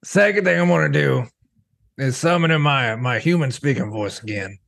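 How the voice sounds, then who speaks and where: A man's voice: mid-range voice, moderate pace, vocal fry, fairly bright tone. A man playing a tabletop game, joking around casually. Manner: playful and joking. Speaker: player.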